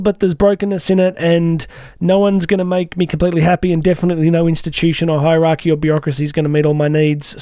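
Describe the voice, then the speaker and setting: A man hosting a motivational podcast, talking casually with animated asides. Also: on the high side, no room sound, clean studio sound. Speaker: podcast host.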